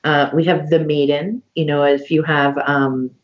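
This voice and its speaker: A woman hosting a casual online conversation, listing items slowly with many fillers over a video call. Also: sits low, flat delivery, highs cut off. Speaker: podcast host.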